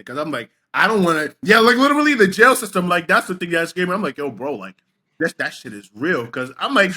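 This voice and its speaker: Animated young New man telling stories. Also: high-pitched, brisk. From Senegal. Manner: animated storyteller, acts out his own quotes. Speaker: podcast co-host. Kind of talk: casual chat.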